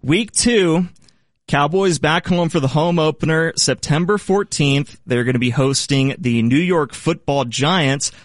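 A man's voice: fairly high pitch, unhurried, no echo. A man hosting a sports show segment in a playful, upbeat way. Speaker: host.

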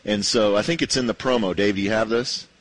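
A man with a low voice co-hosting a radio show. His delivery is dry and wry, relaxed casual banter between hosts. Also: quick pace, rough recording. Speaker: radio co-host.

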